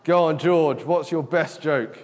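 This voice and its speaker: Guy doing a kids' talk at church, fairly high voice, keeps asking okay?, big echoey room. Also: a little slow, a little mellow, faint music behind. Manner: chatty, checks in with "okay?" often. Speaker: church children's talk leader. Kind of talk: interactive children's sermon. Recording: long echo of a large hall.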